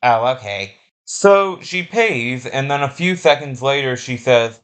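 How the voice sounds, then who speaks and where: A young man telling crude comic work stories, sarcastic with deadpan asides. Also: medium pitch, unhurried. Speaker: comedy storyteller. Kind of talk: comic storytelling with acted customer voices.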